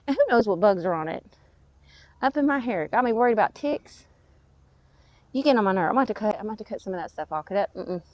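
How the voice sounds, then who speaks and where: A woman's voice: medium pitch, animated, quick pace, pauses often, a little mellow, no echo. A woman gives a casual walk-through of her backyard garden, chatting and muttering at her plants as she goes. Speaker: gardening vlogger.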